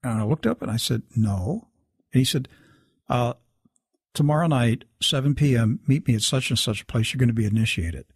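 A man's voice: medium pitch, normal speed, breathy edge, dry recording, clean studio sound. A man telling a long personal story in casual talk, acting out the people he quotes. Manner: animated, acts out quoted dialogue. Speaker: guest storyteller.

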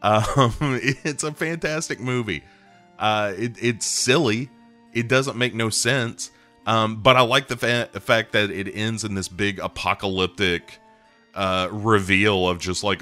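A man's voice: fairly low pitch, a little slow, sharp tone, soft background music. A man hosting a podcast, reviewing a film in a rambling, profane, enthusiastic way with lots of ums and uhs. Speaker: podcast host. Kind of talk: casual movie review monologue.

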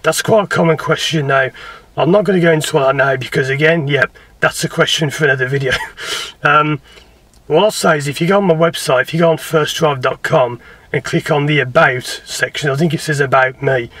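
English bloke, driving instructor, mix of posh and Birmingham accent, bright voice, rambling and self-mocking. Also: male voice, on the high side, brisk, no echo, distant mic. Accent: English, between posh southern and Birmingham. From England. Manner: rambling, chatty, self-deprecating, laughs often. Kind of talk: casual Q&A to camera.

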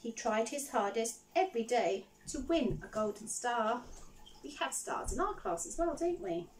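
A woman teacher reading a picture book aloud to children, animated and often stopping to ask them questions. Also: a little high, normal speed, recorded from a distance, a little hiss or hum, poor audio. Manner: animated, asks the listeners questions.

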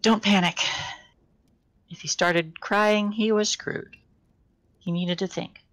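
A woman's voice: medium pitch, fairly even intonation, takes it slowly, rough recording. A woman reading a novel aloud live on a stream, unpolished, often stumbling and correcting herself mid-sentence. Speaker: reader.

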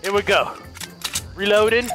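High-pitched, excitable gamer man. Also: measured pace, over loud music. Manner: loud, excitable, swears and shouts often. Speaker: gamer streamer. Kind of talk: excited co-op game commentary.

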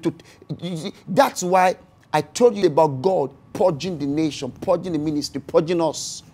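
Preacher retelling scripture dramatically. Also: medium pitch. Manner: dramatic storytelling, swinging from loud bursts to hushed lines; acts out scripture dialogue with repeated phrases. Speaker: pastor. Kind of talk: sermon.

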